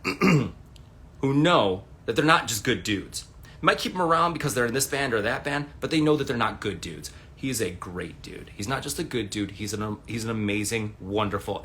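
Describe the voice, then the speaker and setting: A man in his thirties tells loose, rambling stories to his livestream viewers from his room at home. His voice is bright and forceful, and it swings widely in pitch as he acts out quotes. He stumbles through restarts and fillers and swears casually. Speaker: livestream host.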